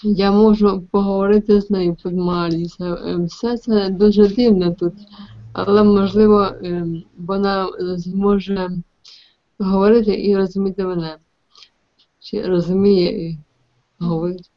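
A woman student translating a story aloud in an online class, hesitant and full of pauses and fillers. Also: medium pitch, fairly even intonation. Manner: hesitant, many fillers and restarts. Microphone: video call. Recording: dull lo-fi online call audio.

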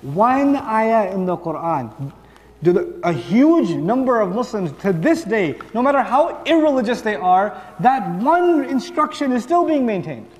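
Male preacher, high voice, animated, lets quick dialogues play out, big reverberant hall. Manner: animated, acts out dialogues for the audience. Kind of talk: sermon. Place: large hall with long reverb.

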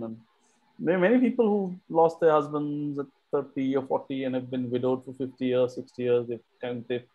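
A man's voice: medium pitch, warm tone, muffled recording. A man hosting a casual book club discussion, chatty, repeating words while he thinks.

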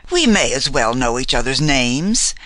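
A condescending, nosy older lady of high society, read by a man in an audiobook. The voice is bright and the pitch moves a lot, heard dry and close. She stays affable on the surface while she interrogates. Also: wildly swooping pitch, a little slow, dry recording, heavily acted, poor audio. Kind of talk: audiobook character reading.

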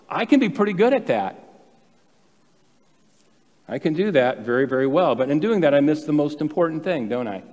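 A man's voice: medium pitch, a little mellow. A male pastor preaching a sermon, telling stories in a conversational way with self-deprecating asides. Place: church sanctuary. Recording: long hall reverb.

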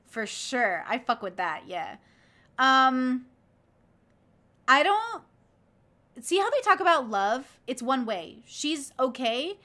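A woman livestreaming casually, reacting to clips and chatting with viewers in an excitable, profane, rambling way. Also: high-pitched, takes it slowly, long pauses. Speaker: streamer reacting to video clips.

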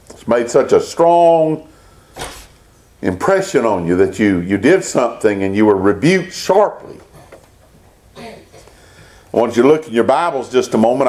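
A man preaches in church. His voice sits high and leaps up and down, climbing on quoted scripture and dropping low to press each point. He speaks as a pastor addressing his congregation. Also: mellow. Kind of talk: sermon.

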